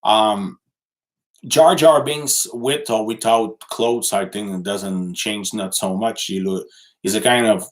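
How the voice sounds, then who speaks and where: A man from Quebec City, a native French speaker, who speaks English with a Quebec French accent. He chats casually on a livestream, answering viewer comments in halting speech full of fillers and restarts. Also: fairly low pitch. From Quebec City, Canada. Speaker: livestream host and journalist.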